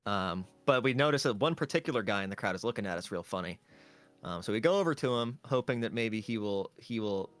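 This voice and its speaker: A man's voice: lowish voice, animated, brisk, a bit bright. A man, a tabletop game player, casually recapping a session in a rambling way with lots of fillers.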